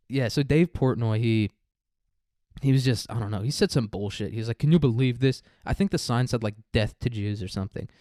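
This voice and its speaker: A man's voice: mid-range voice, darkish tone, smooth, dry recording. A man hosting a casual commentary podcast, ranting with profane sarcasm and laughing at his own jokes. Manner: profane, sarcastic, mocking mimicry.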